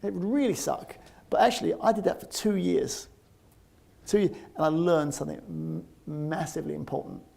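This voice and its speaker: Gravelly London man in his fifties telling stories. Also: fairly high pitch, moderate pace. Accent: London English. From England (London). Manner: lively, often laughs while talking. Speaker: interviewee telling a personal story. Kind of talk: animated anecdotal storytelling.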